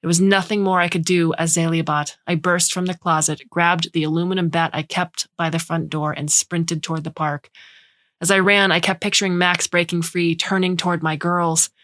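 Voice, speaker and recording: Low-voiced woman narrating a story. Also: no echo. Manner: measured, expressive reading.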